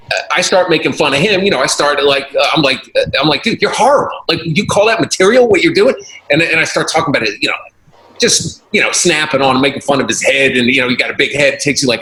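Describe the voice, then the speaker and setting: A man, a comedian, telling a story in casual chat and acting out the voices of the people in it. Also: mid-range voice. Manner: animated, acts out quoted voices, laughs often. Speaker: comedian guest. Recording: roomy echo, faint noise.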